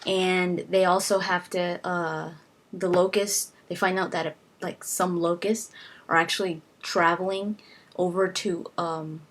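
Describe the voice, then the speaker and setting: A woman's voice: fairly low pitch, flat delivery, a little slow. A woman casually summarizing a novel's plot for a video, rambling with many restarts and fillers. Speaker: video book reviewer.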